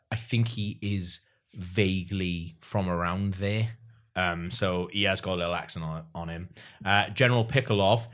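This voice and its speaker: A man's voice: lowish voice, a bit bright. A Welsh man chatting casually as a podcast co-host, rambling with plenty of fillers and asides. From Wales. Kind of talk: casual chat.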